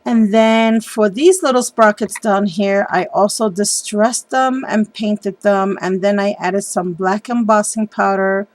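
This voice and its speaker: A woman's voice: mid-range voice, dry recording. Crafty lady rambling happily about her supplies, lots of ums, dry close sound. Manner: chatty and enthusiastic, with frequent ums. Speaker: papercraft video host. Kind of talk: casual craft show-and-tell.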